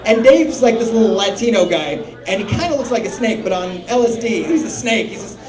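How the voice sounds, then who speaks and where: A man's voice: sits high, brisk. Foul-mouthed man doing stand-up in a bar. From Salt Lake City area. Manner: animated, swearing, acting out friends' lines. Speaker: stand-up comedian. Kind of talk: stand-up storytelling. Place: small bar stage. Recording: roomy bar recording from a distance. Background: crowd laughing.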